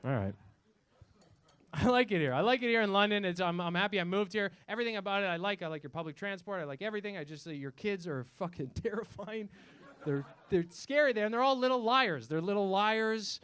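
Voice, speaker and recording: A young man from Canada performs a stand-up set on a comedy club stage. He speaks into a handheld mic in a high, clean and resonant voice. He rambles, swears freely and often trips over his own sentence starts. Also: animated, a little fast, fairly bright tone, clean tone, dry recording. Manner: profane, rambling, frequent restarts.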